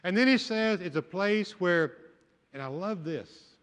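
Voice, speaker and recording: A man's voice: high-pitched, lively intonation, unhurried, a bit bright. An older man, a pastor, preaching a sermon with folksy storytelling and humor. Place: church sanctuary. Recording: long church hall reverb.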